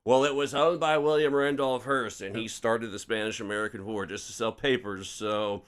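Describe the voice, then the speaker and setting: A man's voice: medium pitch, fairly even intonation, normal speed, a bit bright. A man hosting a casual podcast chat, opinionated and swearing freely. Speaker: podcast host.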